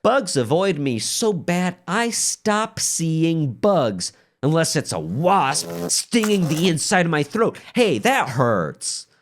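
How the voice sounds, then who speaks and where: A man's voice: a little high, sing-song, slow, hardly any pauses, a little hiss or hum. A man telling an absurd comic story with a wildly swooping, exaggerated delivery.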